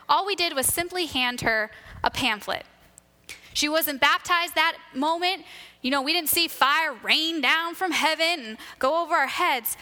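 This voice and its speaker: A woman telling a church testimony in a lively storytelling way, acting out the voices of the people in her stories. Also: sits high, in a large hall. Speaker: church member sharing a testimony.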